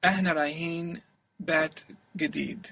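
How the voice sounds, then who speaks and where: A male language student answering drills with short phrases. His voice sits a bit high and sounds bright and husky, and he speaks very quickly. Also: fairly even intonation.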